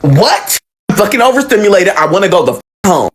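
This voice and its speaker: A young man telling his own story in casual, animated fashion, swearing freely and swinging dramatically in pitch. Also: fast.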